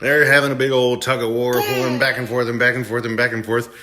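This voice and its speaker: A man retelling a movie plot in a casual, animated way as a movie reviewer. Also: mid-range voice, quick pace, very noisy. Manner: animated storytelling.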